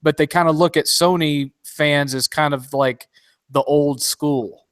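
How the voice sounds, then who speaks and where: A man's voice: on the high side, fairly even intonation, unhurried, slight background noise. A man talking in a casual podcast chat, rambling with many restarts and fillers.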